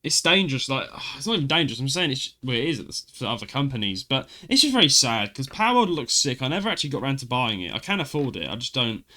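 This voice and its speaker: A man's voice: mid-range voice, sing-song, quick pace, few pauses, bright, forceful tone. A man co-hosting a podcast, chatting casually and talking over his co-host. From United Kingdom. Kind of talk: casual chat.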